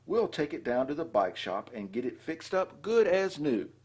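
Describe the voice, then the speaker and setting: A cheerful, reassuring papa bear from a picture book, read by a man. The voice is husky and relaxed. It has a lively, bouncing pitch. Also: normal speed. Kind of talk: storybook read-aloud.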